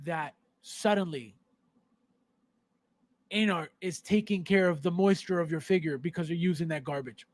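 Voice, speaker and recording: Pausing often, this podcast host speaks at a normal speed in a fairly high voice. On his collector's live stream he rants at viewers with heat and sarcasm, saying the same things over in exasperation.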